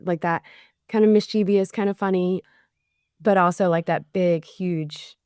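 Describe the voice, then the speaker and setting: A woman's voice: on the low side, normal speed, clear, resonant tone, no echo, studio quality. A woman in her forties, a bereaved mother and podcast guest, telling stories in casual chat and acting out the people she quotes. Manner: chatty, animated when quoting others.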